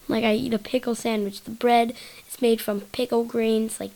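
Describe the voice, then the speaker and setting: A woman's voice: fairly high pitch, level tone, a little slow, vocal fry, rough recording. A woman hosting a solo podcast, rambling in a silly, giggly way and jumping from topic to topic. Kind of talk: rambling casual monologue.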